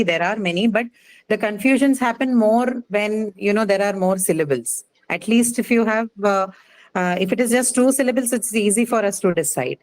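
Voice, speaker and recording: An English teacher leads a live online class, her voice medium in pitch and the audio quality poor. She explains things patiently and keeps checking that her students are following, saying "okay" often.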